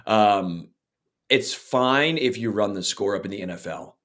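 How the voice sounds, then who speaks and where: A man's voice: on the low side, expressive, measured pace, fairly bright tone. A man co-hosting a sports podcast, giving blunt, opinionated takes and often repeating words as he restarts. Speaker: podcast co-host. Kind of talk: casual sports podcast chat.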